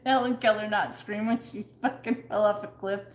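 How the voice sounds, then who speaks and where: A woman's voice: mid-range voice, steady tone, moderate pace, roomy sound. A woman co-hosting a live stream from home in casual chat, laughing often and swearing as she tells stories.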